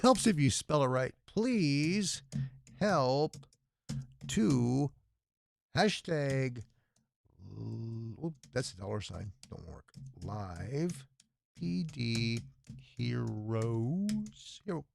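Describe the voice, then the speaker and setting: A man's voice: medium pitch, expressive, drawn-out words, vocal fry, slight background noise. A sleep-deprived man hosting a long livestream telethon, chatting to viewers and muttering to himself while he types at his computer. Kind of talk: casual livestream chat to viewers.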